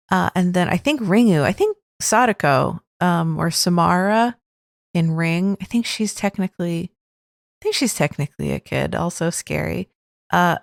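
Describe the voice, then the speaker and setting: A woman's voice: on the low side, dry recording, clean studio sound. A woman hosting a podcast, chatting loosely about listener stories, rambling and often breaking off mid-sentence. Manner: chatty, rambling, self-interrupting. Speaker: podcast host. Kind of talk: casual commentary on listener stories.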